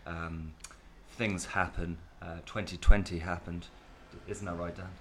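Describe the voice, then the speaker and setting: A man's voice: low-pitched, level tone, unhurried. A man opening a podcast in a laid-back, wry way, swearing casually. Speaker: podcast co-host.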